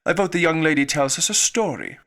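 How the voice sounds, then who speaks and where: A man's voice: on the high side, very animated, a little fast, bright, forceful tone, heavily acted. Impatient yawning hare, pushy, lifted voice, read by a man. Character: bored, pushy male hare.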